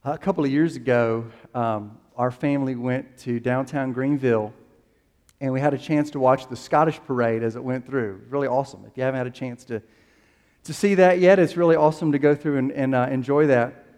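A man's voice: mid-range voice, brisk, a little mellow, long reverb tail. A man preaching a sermon as pastor, telling a story casually with fillers and restarts.

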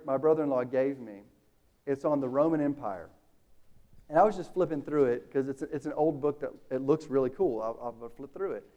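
A pastor with a slightly high voice preaches in a casual, animated way, acting out the dialogue of the story he's telling. The audio sounds dull.

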